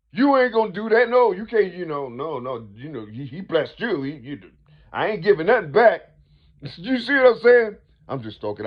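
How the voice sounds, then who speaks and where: High-pitched man, rambling spiritual monologue, constant "you see?", dull lo-fi sound. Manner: rhetorical, repetitive, keeps asking the listener "you see?". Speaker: speaker. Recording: dull lo-fi recording.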